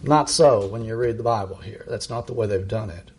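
A middle-aged man preaching a sermon, reading verses aloud with emphatic, rising delivery and slowing down on key lines. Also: vocal fry, a little mellow, husky. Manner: emphatic, rises high when reading verses and slows down.

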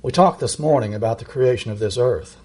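A middle-aged man preaching a sermon, reading verses aloud with emphatic, rising delivery and slowing down on key lines. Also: mellow. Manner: emphatic, rises high when reading verses and slows down.

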